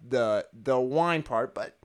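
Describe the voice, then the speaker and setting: Smooth-voiced man in animated chat. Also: medium pitch, takes it slowly. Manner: rambling, animated, laughs often, restarts. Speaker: podcast co-host. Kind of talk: casual discussion.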